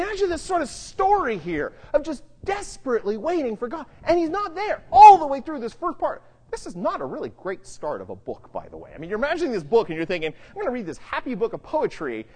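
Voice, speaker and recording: Recorded in a large hall, this Bible teacher reads Psalms passages slowly before commenting on them conversationally and dramatically, dropping into hushed low tones to stress key points.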